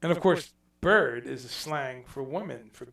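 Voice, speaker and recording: A middle-aged man hosting a casual livestream chat, rambling and animated as he reads out viewers' comments. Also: medium pitch, a little slow, creaky. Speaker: host. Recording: echoey room, far from mic.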